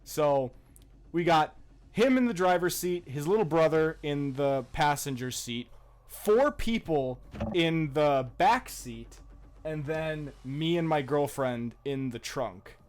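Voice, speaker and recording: Taking it slowly in a slightly high voice, a young podcast co-host laughs and swears freely through a casual story. His retelling is animated and full of profanity.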